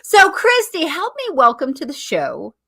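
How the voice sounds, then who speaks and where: A woman's voice: sits high, huge pitch swings, measured pace, creaky, sharp tone. A woman hosting an online comedy talk show, joking playfully and teasing herself and her guest. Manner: playful, teasing, self-mocking. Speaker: host. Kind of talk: casual comedy banter.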